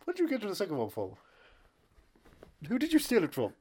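A man's voice: high-pitched, huge pitch swings, fast talker, a little mellow, slightly rough, full character voice. A man playing a pompous, name-dropping aging British actor in improvised comedy banter, with a theatrical luvvie drawl. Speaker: mock talk-show host.

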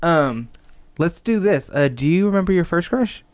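A man hosting a podcast who talks in a quick, teasing, casual way. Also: a little high, lively intonation. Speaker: podcast host. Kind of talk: casual chat.

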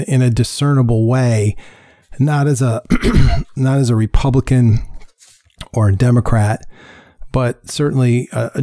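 A middle-aged man with a mellow, relaxed tone hosts a faith podcast, musing aloud with lots of "um"s and false starts. His voice sits close to the mic in a dry, dead room. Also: medium pitch, no echo. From upstate New York. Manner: halting, many fillers and restarts. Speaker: podcast host. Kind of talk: casual Christian podcast monologue.

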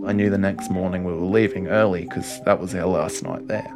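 A man with an Australian accent telling a first-person story in a halting way, often restarting his sentences. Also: low-pitched, fairly even intonation. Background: music score.

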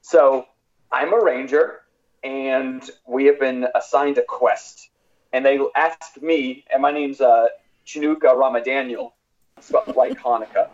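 A man's voice: mid-range voice, measured pace. A man co-hosting a casual sports podcast, telling a story with lots of energy and acting out lines. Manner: animated storyteller, laughs and acts out lines. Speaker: podcast co-host. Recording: dull lo-fi sound.

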